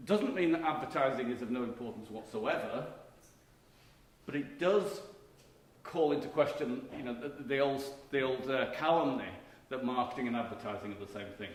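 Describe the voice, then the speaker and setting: A man's voice: mid-range voice, animated, normal speed. A middle-aged man giving a conference keynote lecture, talking in a conversational, emphatic way with frequent restarts. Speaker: keynote speaker, marketing professor. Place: conference hall. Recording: echoey hall recording with faint background noise.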